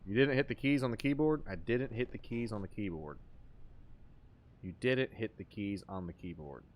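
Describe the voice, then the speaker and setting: A man hosting a horror game livestream, talking casually and making goofy, crude jokes with excitable outbursts. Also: lowish voice, moderate pace, slight background noise. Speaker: livestream host playing horror games. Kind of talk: casual gameplay commentary.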